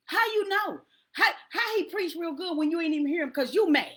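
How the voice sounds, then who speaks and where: Emphatic woman preaching with lively pitch. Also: a little fast, hardly any pauses. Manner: emphatic, repetitive rallying cadence. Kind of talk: preaching to a congregation.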